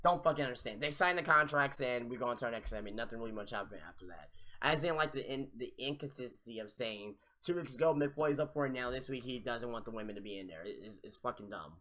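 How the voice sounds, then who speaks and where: Bright-voiced man ranting, profane and exasperated. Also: medium pitch, expressive, fast. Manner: profane, exasperated ranting with sudden loud outbursts. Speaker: podcast host reviewing wrestling. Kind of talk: live wrestling review rant.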